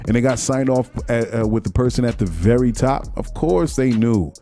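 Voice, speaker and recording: A man's voice: mid-range voice, animated, moderate pace, mellow, faint music behind. A man hosting his own podcast, giving a rambling solo commentary with lots of restarts while sniffling from a cold. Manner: repetitive restarts, mocking quoted voices. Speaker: podcast host.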